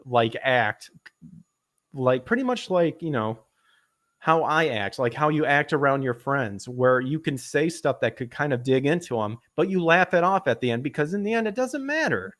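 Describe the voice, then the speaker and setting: A man in casual podcast chat, ranting and swearing, his pitch jumping up when he gets worked up. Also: sing-song, normal speed, fairly bright tone, dry recording, studio quality. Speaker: podcast host.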